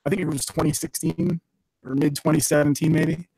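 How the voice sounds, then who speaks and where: A man's voice: fairly high pitch, little pitch movement, a little fast, gravelly, a little mellow, husky, no room sound, poor audio. A man from Canada, a guest on a casual podcast, rambling and swearing as he laughs at his own jokes.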